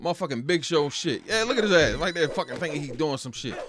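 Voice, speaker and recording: A man's voice: on the high side, expressive, fast talker, a crowd in the background. A man giving casual, profane gameplay commentary and trash-talking the game's fighters as he plays. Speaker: gaming channel host. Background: game music.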